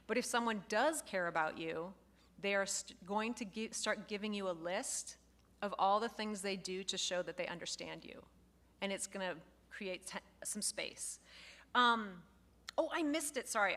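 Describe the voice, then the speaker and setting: A woman instructor giving a lively lecture to a live class, acting out example phrases as she goes. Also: medium pitch, moderate pace. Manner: lively, expressive, acts out quoted phrases.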